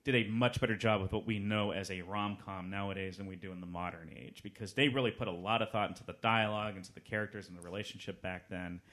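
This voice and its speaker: A man's voice: sits low, steady tone, fast, few pauses, fairly bright tone. A man co-hosting a podcast, talking casually and enthusiastically about classic films in long rambling runs. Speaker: podcast co-host. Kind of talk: casual film discussion.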